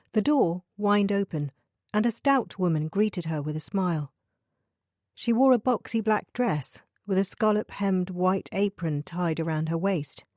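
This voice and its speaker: A woman narrating a thriller audiobook in a measured, even reading style. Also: on the low side, no room sound, clean studio sound. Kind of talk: scripted narration.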